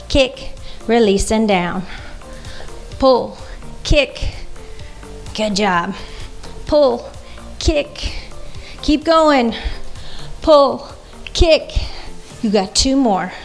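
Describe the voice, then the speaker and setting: A woman leading a guided workout class as fitness instructor, coaching moves and counting reps aloud. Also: sits high.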